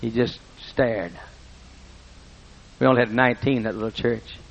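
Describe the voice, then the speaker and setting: A pastor with a creaky, medium-pitched voice delivers a storytelling sermon at a normal pace. He spins folksy, humorous anecdotes and keeps cutting himself off mid-sentence. The lo-fi recording sounds dull.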